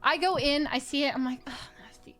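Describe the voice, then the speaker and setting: High-voiced woman telling a story. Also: fast. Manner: animated, laughs often, acts out quotes. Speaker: streamer. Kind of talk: casual storytelling chat.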